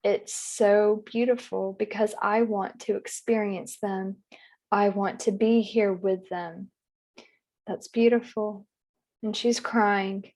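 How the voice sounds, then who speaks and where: Woman hypnosis guide, soft unhurried relaying, mid-pitched voice. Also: fairly even intonation. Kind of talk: relaying a regression session.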